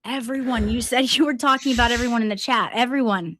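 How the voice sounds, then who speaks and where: A woman's voice: a little high, fast talker, a bit bright. A woman on a stream arguing back defensively and repeating her point. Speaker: streamer in an argument. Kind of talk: heated argument on a stream.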